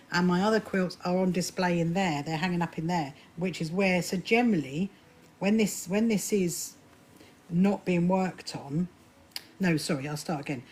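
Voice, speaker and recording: A woman's voice: fairly low pitch, a little mellow. A woman hosting a casual sewing live stream, chatty, often restarting her sentences and greeting viewers by name. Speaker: livestream host. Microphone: phone or camera on a live stream.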